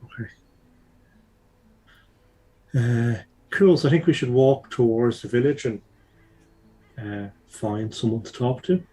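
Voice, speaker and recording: A man's voice: mid-range voice, slow pace, pauses often, warm tone, faint music behind, rough recording. A man playing a tabletop game who asks short, practical questions. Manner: brief, questioning. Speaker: player.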